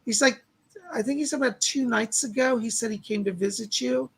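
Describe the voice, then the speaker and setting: A male psychic medium on a live stream, hoarse from losing his voice, relaying spirit messages and thanking donors by name. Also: very high voice, brisk, fairly bright tone. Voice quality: gravelly, husky voice. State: losing his voice, clearing his throat.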